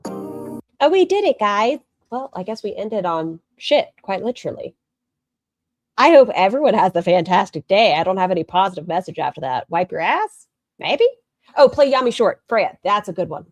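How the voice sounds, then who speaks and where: A woman's voice: mid-range voice, lively intonation, moderate pace, no echo. A woman making snarky reaction commentary on a video, mocking it and swearing freely. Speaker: commentary streamer.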